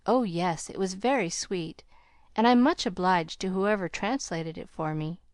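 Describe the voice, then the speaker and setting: A woman's voice: lowish voice, measured pace, a little mellow, dry recording, clean studio sound, natural voice. A woman voicing a bashful, sweet young governess in an audiobook, speaking timidly and earnestly.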